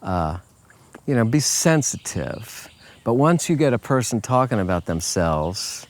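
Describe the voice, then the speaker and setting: A man giving a casual motivational talk as a life coach, relaxed and folksy, often checking in with "okay?" and jumping his pitch up when he acts out other people's lines. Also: unhurried. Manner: relaxed, folksy, peppered with "okay?" and "you know"; acts out quoted voices in a higher pitch.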